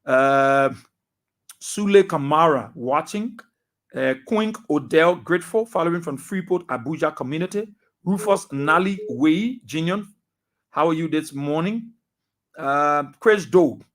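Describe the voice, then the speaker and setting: A man with a Liberian accent, a radio talk show host reading out listener names and greetings in a brisk roll call. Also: fairly high pitch.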